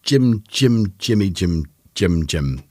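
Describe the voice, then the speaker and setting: Man doing a boisterous Scottish caller, loud and high, lively sing-song chant. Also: drawn-out words, exaggerated voice.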